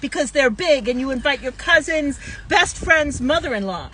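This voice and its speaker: A woman's voice: high-pitched, animated, normal speed, bright, forceful tone, slight background noise, rough recording. A woman who joins a casual live chat in a parked car, chatty and full of eager questions. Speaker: temple member joining a live chat. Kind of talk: casual conversation.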